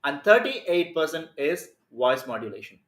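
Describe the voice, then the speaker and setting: A man, a communication skills coach teaching a live lesson in an energetic, emphatic way. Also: on the high side, normal speed, roomy sound. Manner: energetic, emphatic, plays with stress and pace.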